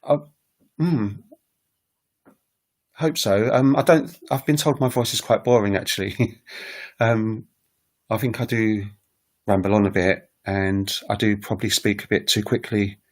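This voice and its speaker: A man's voice: fairly low pitch, unhurried, long pauses. A man teaching on a casual livestream, talking in a rambling, hesitant way with many fillers. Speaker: language teacher and recorder player. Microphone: webcam livestream setup.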